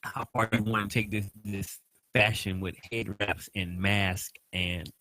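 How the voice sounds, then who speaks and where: A man's voice: fairly low pitch, fairly even intonation, a little slow, sharp tone. A young adult man with a Southern US accent, co-hosting a casual chat, playful and teasing, often acting out other people. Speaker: co-host.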